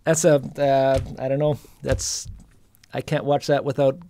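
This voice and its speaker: A middle-aged man hosting a podcast, telling a personal story in a reflective, soft-spoken way with many restarts. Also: mid-range voice, level tone, measured pace. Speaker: podcast host and singer-songwriter. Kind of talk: casual storytelling conversation.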